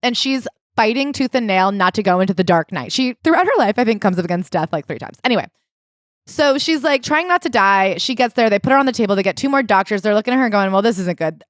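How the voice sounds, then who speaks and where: A woman co-hosting a casual book-club podcast, retelling a story in an animated way with quoted voices. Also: on the high side, fast talker, no room sound, studio quality. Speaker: podcast co-host.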